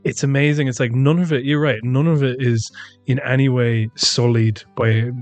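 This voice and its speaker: A man's voice: mid-range voice, steady tone, normal speed, a little mellow, dry recording, soft background music. An Irish man co-hosting a podcast in casual chat, retelling events and mimicking the people he quotes. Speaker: podcast co-host.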